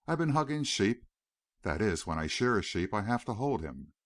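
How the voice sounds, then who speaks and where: A gentle young war veteran, earnest and a touch wry, as read by a male narrator. The low voice rises and falls freely. Recorded dry and close for an audiobook. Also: very animated, normal speed, no echo.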